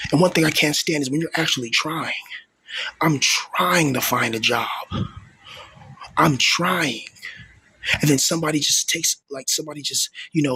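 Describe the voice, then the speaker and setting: A man's voice: on the high side, bright, forceful tone, slightly rough. A man in his thirties venting in a rambling monologue, stumbling and repeating words, with coarse, profane street talk. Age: 30s. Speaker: vlogger.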